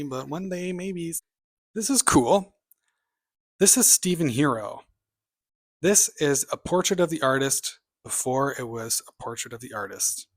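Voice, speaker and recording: Male vlogger, mid-range voice, casual bookshelf chat, opinionated and rambling with offhand asides. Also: mid-range voice. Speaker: booktube vlogger.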